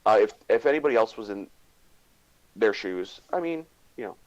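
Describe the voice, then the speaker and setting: A man from Canada, a guest on a casual livestream, talking haltingly and restarting his words often. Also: on the low side, expressive, highs cut off. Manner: halting, restarts words, hedges with "you know".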